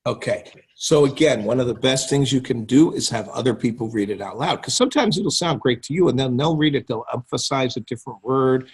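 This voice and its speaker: Husky-voiced man coaching on a call. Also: medium pitch, a little fast, hardly any pauses. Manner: conversational, often checks in with "right?" and "okay?". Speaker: copywriting coach. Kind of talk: teaching on a group call. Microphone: call audio.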